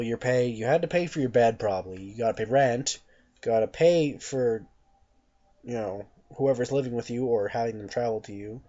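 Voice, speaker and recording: A man's voice: mid-range voice, warm tone. A young man delivering a blunt, profane, mocking rant to camera as a vlogger. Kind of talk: ranting monologue to camera. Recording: dull lo-fi recording.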